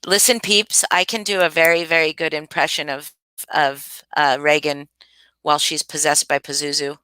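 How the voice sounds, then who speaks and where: A woman with a lowish, bright voice chats loosely with her live audience, circling back and restarting as she thinks aloud. Her tone is smooth and crisp, recorded dry and close. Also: little pitch movement, normal speed, no room sound. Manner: rambling, thinks aloud, frequent restarts and asides. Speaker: livestream host. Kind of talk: casual live chat answering viewers.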